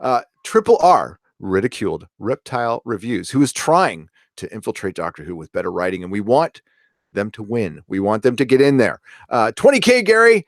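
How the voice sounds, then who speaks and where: A man's voice: medium pitch, big pitch swings, normal speed, dry recording. Middle-aged man, casual livestream host, rambling with lots of uhs, dry close mic. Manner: rambling, many fillers and restarts. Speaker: livestream host reading chat. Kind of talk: casual live chat.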